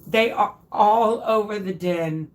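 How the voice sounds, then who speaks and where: A woman's voice: medium pitch, slow. A woman in her thirties hosting a craft video, casually telling viewers a funny personal story with lots of laughter and restarts. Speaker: craft tutorial host.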